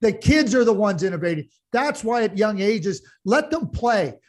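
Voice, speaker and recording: A man's voice: high voice, very animated, moderate pace. A man co-hosting a casual sports chat, talking passionately with lots of restarts and repeated words. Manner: passionate ranting, frequent restarts. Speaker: podcast co-host.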